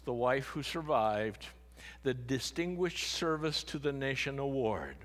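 A male pastor delivers a sermon in an earnest voice of middle pitch. His voice often falls to a hushed tone at solemn points. The sound carries a long reverb from a large church hall.

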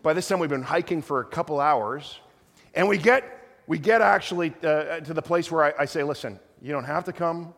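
A middle-aged man pastor telling a rambling, animated story in a sermon, with many restarts. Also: on the high side, fairly quick. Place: church sanctuary. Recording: long hall reverb.

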